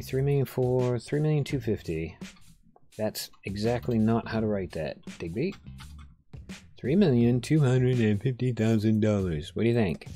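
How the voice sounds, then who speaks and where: Fairly low-pitched and warm, a man casually narrates his own gameplay from home amid a rainstorm. He jokes, reads the customers' lines aloud, and talks to himself as he plays.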